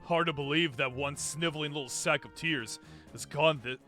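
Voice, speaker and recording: A man imitating a stern male warrior mentor in a slow, grave, gruff voice. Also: fairly high pitch, pushed and bright, faint music behind, voice pushed down. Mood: grim.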